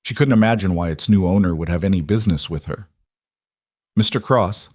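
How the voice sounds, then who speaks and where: A man reads a scripted story at a steady, even pace. His voice sits low and the sound is dry and close. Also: fast, dry recording. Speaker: narrator. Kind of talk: scripted narration.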